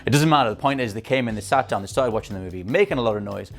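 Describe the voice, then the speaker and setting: A man's voice: medium pitch, expressive, rapid-fire, soft background music. A man ranting with exasperated, emphatic repetition about bad cinema audiences, speaking to camera as a film pundit.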